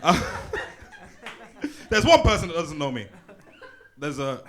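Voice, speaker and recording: A man's voice: a little high, very animated, slow pace. A young man doing a live stand-up set on a handheld mic in a small comedy club, crude and punchy, swearing and teasing the crowd.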